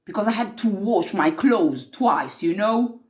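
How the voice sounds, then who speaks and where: A woman's voice: mid-range voice, lively intonation, measured pace, darkish tone, natural voice. A woman playing an earnest mystic who tells of time slips in an improvised monologue, intense and repeating herself for emphasis.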